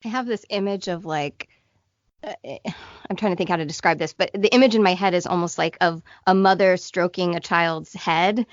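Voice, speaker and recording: A woman's voice: fairly low pitch, normal speed, dry recording, muffled recording. A woman co-hosting a podcast, reflecting aloud and searching for her words. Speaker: podcast co-host. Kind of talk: casual chat.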